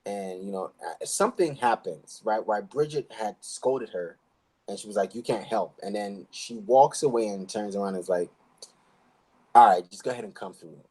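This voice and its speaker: A man's voice: fairly low pitch, moderate pace, darkish tone, slightly rough, poor audio. A man co-hosting a podcast, casually recapping a TV episode in a rambling way and acting out the characters' lines. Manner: rambling retelling with acted-out quotes. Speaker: podcast co-host. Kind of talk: casual show recap chat.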